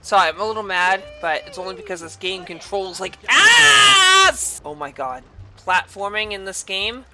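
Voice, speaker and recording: A woman giving angry gameplay commentary, cursing and yelling in exasperation. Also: medium pitch, brisk, music in the background. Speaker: gaming video creator.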